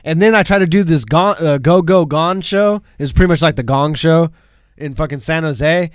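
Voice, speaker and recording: A man's voice: a little high, moderate pace, smooth, no room sound, clean studio sound. A man, a comedian and podcast co-host, chatting brashly and swearing constantly. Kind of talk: casual profane chat.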